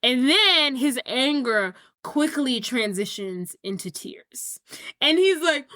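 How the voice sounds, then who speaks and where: A woman's voice: high voice, lively intonation, takes it slowly, pushed and bright, no room sound, clean studio sound. A woman podcast co-host retelling a movie scene in casual chat, acting out the characters' lines.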